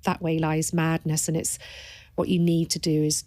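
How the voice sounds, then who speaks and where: A woman's voice: sits low, little pitch movement, normal speed, mellow, no echo. A woman, a palliative care doctor, talking earnestly and thoughtfully in an interview, often restarting her phrases. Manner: earnest and thoughtful, with frequent restarts and repeated words. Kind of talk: reflective interview conversation.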